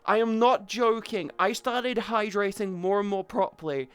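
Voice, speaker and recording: A young woman chats on a live stream into a headset mic, playful, crude and affectionate with her viewers. Her voice sits at a middling pitch, and faint game music plays quietly behind her. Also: normal speed, few pauses, clean tone. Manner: playful, crude, affectionate, calls chat sweetie and baby. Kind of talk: casual live-stream chat. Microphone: headset boom mic.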